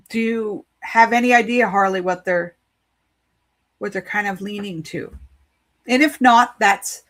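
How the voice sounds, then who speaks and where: Chatty lady reading cards on a livestream, upbeat and teasing, middle pitch. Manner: chatty, playful and encouraging. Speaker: spiritual card reader. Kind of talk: casual live-stream card reading.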